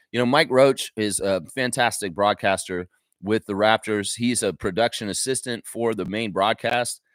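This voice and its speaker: A man's voice: on the low side, fairly bright tone, dry recording. A man hosting a daily basketball fan show, talking in a rambling, opinionated way with many fillers and restarts. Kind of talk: casual livestream commentary.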